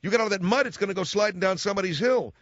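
A man's voice: high voice, rapid-fire, fairly bright tone, no echo, dull audio, voice pushed up. A man voicing a nagging father-in-law with a Chicago-Minnesota accent. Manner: nagging, warning.

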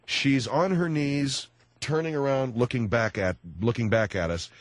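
A man's voice: medium pitch, unhurried. A man hosting a call-in radio talk show, questioning guests and reining them in. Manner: reins in and scolds guests.

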